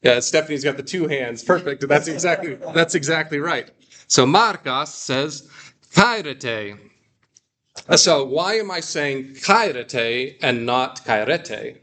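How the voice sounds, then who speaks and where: A man teaching a classroom, drawing out phrases slowly for the class to repeat. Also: a little high, expressive, sharp tone. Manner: slow, drawn-out model phrases for repeating. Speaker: Greek teacher.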